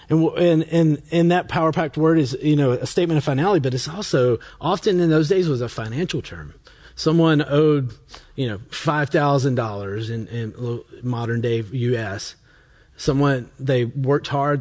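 A man preaching a sermon in a conversational way, often restarting and correcting himself, and slowing down and softening when he reads scripture aloud. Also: medium pitch. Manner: conversational, self-correcting, with frequent restarts and fillers. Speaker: pastor.

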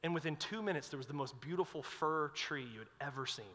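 A young adult man preaching a sermon, telling stories with swings between loud and hushed delivery. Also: fairly high pitch, fast. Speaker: pastor. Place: large hall with long reverb. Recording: long hall reverb.

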